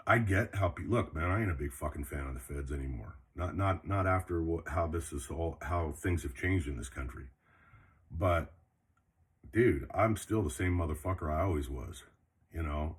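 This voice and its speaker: A man's voice: low voice, breathy edge. An older retired man telling a rambling, profane story in a casual vlog while folding laundry. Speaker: vlogger.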